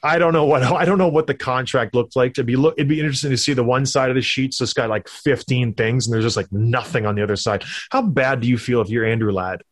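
A former hockey player co-hosting a casual sports chat, telling stories animatedly and acting out quotes. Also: male voice, mid-range voice, fast, hardly any pauses. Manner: animated storyteller, acts out quotes.

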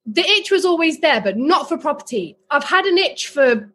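Young woman, from England, high voice, lively casual chat, laughs a lot. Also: brisk. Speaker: guest property investor.

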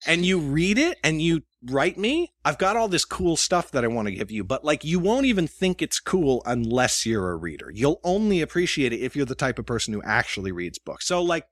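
Animated guy on a podcast, voice jumps all over, dry close sound, jokey and self-mocking. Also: on the high side, brisk, hardly any pauses, no room sound. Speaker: podcast guest, author. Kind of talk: casual interview chat.

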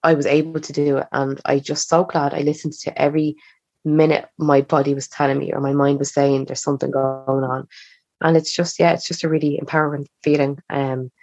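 A woman's voice: low voice, flat delivery, a little fast, darkish tone, no echo. A young woman telling a personal story as a podcast guest, chatty and acting out the dialogue she quotes. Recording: slightly dull, muffled recording.

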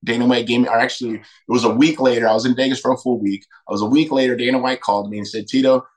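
A man's voice: medium pitch, little pitch movement, very fast, rough recording. A middle-aged man, a podcast guest, telling candid personal stories emphatically and acting out quoted dialogue. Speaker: podcast guest, retired fighter.

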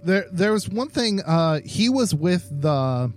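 A man's voice: high voice, sing-song, slow pace. A man co-hosting a podcast, speaking in a hesitant casual way with frequent ums and uhs. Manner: hesitant, many "um" and "uh". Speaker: podcast co-host.

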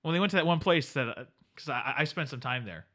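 Fast, lively joking man. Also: a little high. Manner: joking, rambling, quick talk with many fillers. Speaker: podcast co-host. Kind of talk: casual chat.

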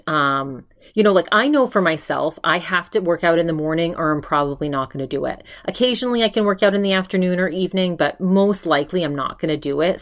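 A woman from Maine hosting a podcast, chatting casually in a rambling way with lots of fillers. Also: deep voice. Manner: chatty, rambling, full of fillers and "he's like" retellings. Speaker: podcast host. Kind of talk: casual chat recapping an episode.

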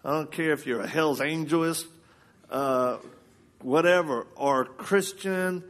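Man preaching in lively storytelling. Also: a little high, slow. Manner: animated, colloquial storytelling. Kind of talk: storytelling sermon.

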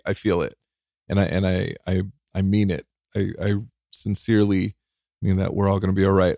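A heartfelt man speaks on his own podcast in a fairly low voice. He sounds emotional and close to tears, stumbling over restarts and breaking into small laughs. The recording is dry, with no room sound. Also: creaky, mellow, no room sound. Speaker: podcast host. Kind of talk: reflective solo podcast monologue.

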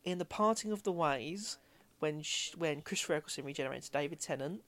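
Rambling man, slightly high voice. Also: brisk, a bit bright. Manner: rambling, thinking aloud with fillers. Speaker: podcast co-host. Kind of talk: casual chat.

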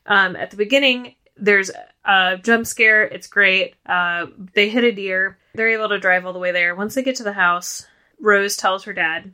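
Bright-voiced chatty woman podcaster. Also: medium pitch, moderate pace, clean tone. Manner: chatty, lots of "like" and restarts. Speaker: podcast co-host. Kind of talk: casual film discussion.

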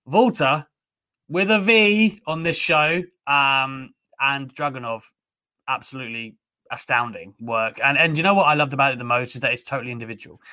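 A man's voice: medium pitch, moderate pace, bright, forceful tone. A man hosting a wrestling podcast, chatting casually and enthusiastically with many fillers. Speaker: podcast host.

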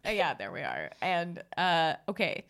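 A woman's voice: lowish voice, normal speed, gravelly. An American woman co-hosting a podcast, chatting casually and telling stories with lots of swearing and laughter. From United States. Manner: animated storyteller, swears and laughs often. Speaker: podcast co-host. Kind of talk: casual chat.

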